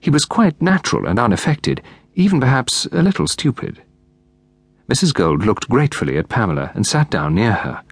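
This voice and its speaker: A man narrating an audiobook in a measured, expressive reading. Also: mid-range voice, slightly rough, no room sound. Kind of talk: scripted narration.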